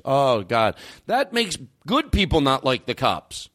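A man hosting a podcast, ranting, swearing and jumping his pitch for emphasis. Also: wildly swooping pitch, measured pace, a bit bright. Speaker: podcast host. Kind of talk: heated podcast rant.

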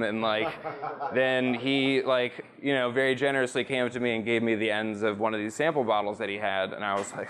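A man's voice: medium pitch, steady tone, fairly quick, a bit bright. A man guest on a podcast, chatting in a loose, profane, storytelling way, recorded in a rum bar. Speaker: guest, rum brand representative. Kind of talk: casual storytelling interview.

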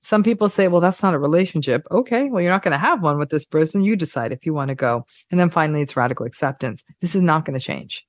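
A woman clinical psychologist talking casually on a podcast, animated and playful, acting out everyday examples. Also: low-pitched, fast talker, few pauses, dry recording, studio quality.

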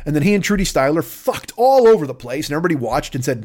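A man's voice: on the high side, sing-song, rapid-fire, darkish tone. A man riffing in a rambling, profane comedic monologue, slipping into silly voices.

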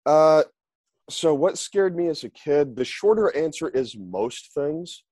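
A man's voice: a little high, lively intonation, slow pace, warm tone, no echo. A man in his forties, a podcast guest chatting casually over a remote call and joking in silly voices. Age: 40s. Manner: rambling, acts out silly voices for jokes. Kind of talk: casual chat.

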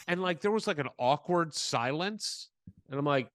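A man's voice: fairly high pitch, normal speed, dry recording, clean studio sound. A man co-hosting a podcast, telling a story in casual chat and acting out the voices he quotes. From Southern California. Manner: animated, acts out quoted voices. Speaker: podcast co-host.

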